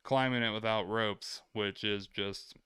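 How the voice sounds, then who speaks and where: A man's voice: lowish voice, fairly even intonation, measured pace, sharp tone, clean tone, no echo, studio quality. A man hosting a vlog, telling travel stories in a laid-back, rambling way and swearing freely. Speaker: vlog host. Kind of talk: casual travel storytelling.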